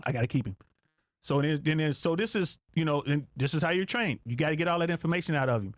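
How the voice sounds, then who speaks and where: A man's voice: a little high, fast talker, no echo, clean studio sound. A man, a podcast guest who works as an air traffic controller, telling stories casually with lots of swearing and acting out radio calls. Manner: profane, animated, acts out radio calls.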